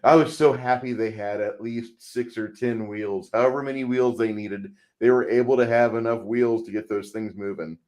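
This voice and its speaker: A man's voice: medium pitch, fairly even intonation, normal speed, few pauses, a little mellow. A man co-hosting a casual movie podcast, rambling with frequent restarts and putting on voices for quotes. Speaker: podcast co-host; truck driver.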